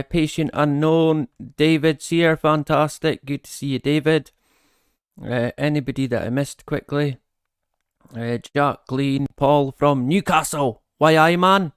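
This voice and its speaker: A man's voice: mid-range voice, clean tone, no room sound, studio quality. A man hosting a live stream, chatting casually, greeting viewers by name and laughing often.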